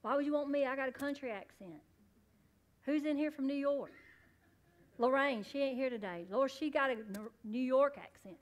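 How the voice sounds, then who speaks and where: A woman pastor preaching a sermon in church, calling out to the congregation and rising to loud, fervent peaks. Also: high-pitched, normal speed. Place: church sanctuary.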